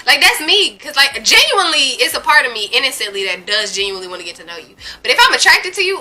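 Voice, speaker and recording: A young woman in her twenties talks straight to her viewers in a frank, playful, animated way, drawing out her asides. Her voice is bright and sits a little high. Soft music plays underneath. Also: fast talker, few pauses, rough recording. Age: 20s. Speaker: vlogger. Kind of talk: candid casual talk to camera.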